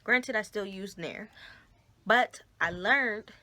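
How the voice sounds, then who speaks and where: Unhurried, bright-voiced woman vlogger. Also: mid-range voice, dry recording. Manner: chatty, addresses viewers as y'all and guys. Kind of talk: casual storytime to camera. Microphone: phone camera.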